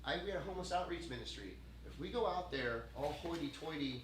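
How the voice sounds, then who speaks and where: A man hosting a podcast, talking casually in a rambling, profane, animated way. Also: on the high side, quick pace, few pauses. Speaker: podcast host. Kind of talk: casual chat. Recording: echoey room, mic at a distance, faint hiss.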